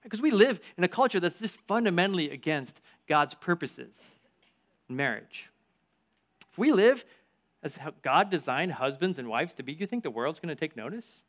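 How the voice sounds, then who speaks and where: Man preaching, energetic sermon, slightly higher voice, storytelling asides, varied emphasis. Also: moderate pace. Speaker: church group leader.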